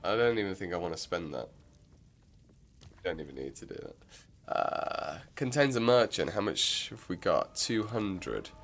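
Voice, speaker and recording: A man's voice: low-pitched, very animated, a little slow, gravelly, fairly bright tone, soft background music. A man streaming a game, chatting casually and rambling with lots of filler words. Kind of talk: casual gameplay commentary.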